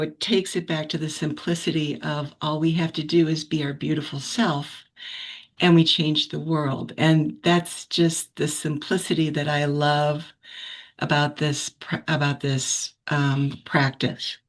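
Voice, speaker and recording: A woman sharing a personal story in a relaxed, reflective way, with many restarts and soft laughs, on a video call. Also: low voice, measured pace. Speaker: practice group member sharing a story.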